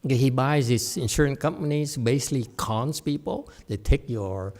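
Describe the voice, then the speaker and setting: In a temple hall, a middle-aged Buddhist teacher gives a chatty dharma lecture, wandering into asides and laughing often. His voice is medium in pitch and darkish in tone, at a normal pace.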